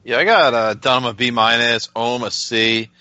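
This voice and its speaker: A man's voice: mid-range voice, moderate pace, sharp tone, dry recording, poor audio. A man hosting a fight-betting podcast, handing the turn to his co-hosts in casual chat. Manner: runs the segment, hands the turn to others. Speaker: podcast host, moderator.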